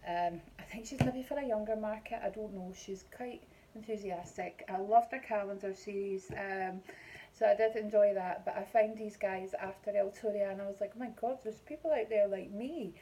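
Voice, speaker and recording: Chatty Scottish woman with a mellow voice. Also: mid-range voice, normal speed, poor audio. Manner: chatty and rambling, with many ums. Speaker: beauty vlogger. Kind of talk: casual unboxing chat.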